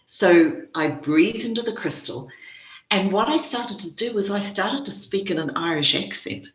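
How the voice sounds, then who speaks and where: A woman with a New Zealand accent, a spiritual teacher speaking as a guest and telling stories in a gentle, earnest way. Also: medium pitch, expressive, normal speed. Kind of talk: reflective interview conversation. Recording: dull echoey recording.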